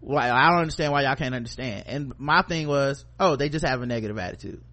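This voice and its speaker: A man's voice: mid-range voice, fast, sharp tone, a little hiss or hum. A man co-hosting a podcast, telling a work story in casual chat, acting out coworkers in quoted voices and swearing freely. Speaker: podcast co-host.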